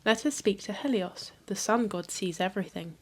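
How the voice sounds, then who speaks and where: A woman's voice: medium pitch, normal speed, lightly acted. A woman reading aloud as a wise goddess of the crossroads, formal and solemn.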